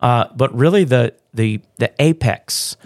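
A man who is a pastor, co-hosting a church podcast in relaxed, joking chat with many fillers and restarts. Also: mid-range voice, measured pace, dry recording, clean studio sound. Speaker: pastor, co-host.

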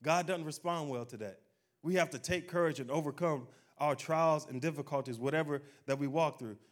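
This preacher's voice is on the high side and his pace is brisk. He gives a folksy, conversational sermon, exhorting the congregation through call-and-response, calling "amen," and performing quotes.

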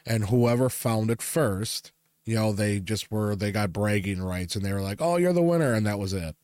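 A man's voice: lowish voice, little pitch movement, normal speed, darkish tone, dry recording. A man co-hosting a casual holiday podcast chat, teasing his partner, swearing freely and laughing often. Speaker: podcast co-host.

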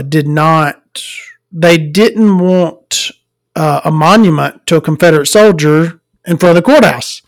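A woman's voice: lowish voice, no room sound, rough recording. A woman who hosts a podcast from home, ranting casually and profanely with frequent chuckles. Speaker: podcast host. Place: at home with her dog.

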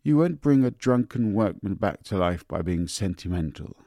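A man's voice: lowish voice, expressive, moderate pace, warm tone, no room sound, clean studio sound. A man voicing an impatient young woman who speaks curtly and scornfully to her sister.

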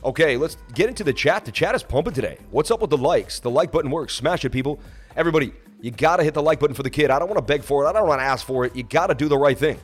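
A man's voice: a little high, lively intonation, rapid-fire, soft background music. A man hosting a crypto livestream, chatting casually and emotionally while reading viewer comments and begging for likes. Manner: rambling, emotional, pleading for likes. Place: traveling, streaming from Miami.

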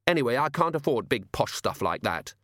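A man voicing a thrifty working mother who talks in a shrill, sharp way. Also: big pitch swings, fairly quick, no room sound, studio quality.

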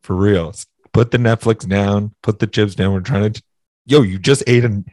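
A man's voice: fairly low pitch, steady tone, normal speed, darkish tone, dry recording, studio quality. A young man co-hosting a casual podcast over a video call, teasing and swearing through laughing rants. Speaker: podcast co-host.

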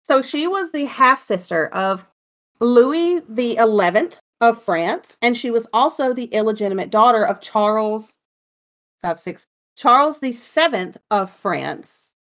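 A woman's voice: fairly high pitch, animated, unhurried, a bit bright. A woman co-hosting a casual chat, telling ghost stories in a joking, chatty way. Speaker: podcast co-host.

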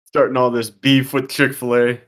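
A man's voice: mid-range voice, flat delivery, moderate pace, a bit bright. A young man co-hosting a podcast, teasing his friend and laughing often in casual chat. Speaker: podcast co-host.

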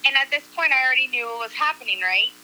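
A woman's voice: sits high, racing, a little hiss or hum, poor audio. A woman telling a story to a group of friends in a casual way, acting out what people said and swearing casually. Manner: animated, acts out quotes, swears casually.

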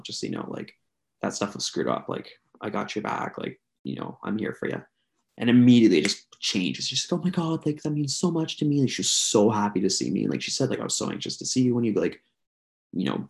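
A man's voice: fairly low pitch, creaky. A young man from Canada, a podcast co-host, telling a long, rambling story to friends with lots of fillers. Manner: rambling, filler-heavy, chatty. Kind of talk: casual storytelling among friends.

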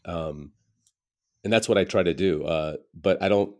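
A man's voice: low voice, a little slow, darkish tone. An American man in his forties, a comedian telling candid stories in a casual interview, peppering his talk with "you know.". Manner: candid, reflective storytelling with frequent "you know". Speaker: stand-up comedian, guest.

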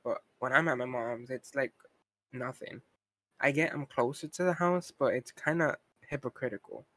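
A man's voice: medium pitch, normal speed, fairly bright tone. A young man co-hosting a podcast, talking in a casual, frustrated rant full of "like" and asides. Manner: frustrated ranting, heavy use of "like". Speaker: podcast co-host. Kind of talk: casual chat.

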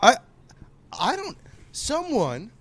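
A young man co-hosting a podcast, talking casually, excitable and incredulous, with lots of swearing. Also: extremely high pitch, takes it slowly, breathy edge. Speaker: podcast co-host. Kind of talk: casual chat.

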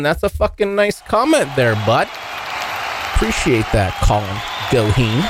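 A man hosting a casual solo podcast, joking and swearing, now and then yelping into high silly voices. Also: measured pace, crowd noise, noisy background. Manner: animated, swearing, jokey, yelps into high voices. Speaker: podcast host. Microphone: hot close mic.

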